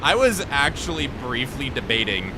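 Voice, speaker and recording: A man's voice: mid-range voice, big pitch swings, normal speed, gravelly, background noise. A young man live-streaming a game, joking with his chat in self-deprecating banter and explaining boss tactics step by step. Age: young adult. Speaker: gaming livestreamer. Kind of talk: casual live-stream chat while playing.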